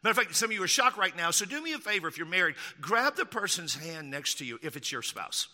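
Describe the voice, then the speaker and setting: A pastor from Texas preaches with emphatic stress, often repeating key lines. His voice is high and very bright, and it rings with the long reverb of a large hall. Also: sing-song, quick pace. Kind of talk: sermon.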